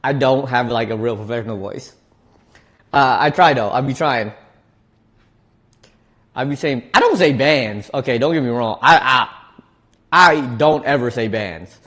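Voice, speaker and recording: A man's voice: mid-range voice, expressive, unhurried, pauses often, fairly bright tone. A man streaming, chatting casually while he eats, laid-back and slangy, often repeating his words. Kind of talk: casual chat while eating.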